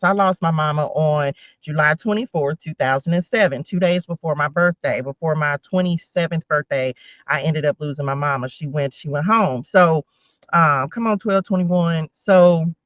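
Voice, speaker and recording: A woman's voice: low-pitched, no room sound. A talkative woman in her forties runs a casual spiritual tarot reading and often drifts into personal asides. She speaks right to her audience. The recording is dry and a little muffled, with no room sound. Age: 40s. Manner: chatty, rambling asides, talks straight to viewers. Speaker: tarot reader.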